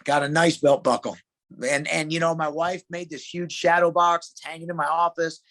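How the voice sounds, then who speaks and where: A middle-aged man, a wrestling coach, chatting as a podcast guest in an emphatic, excitable way. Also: a little high, moderate pace. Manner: emphatic, excitable, calls people dude. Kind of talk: casual interview chat.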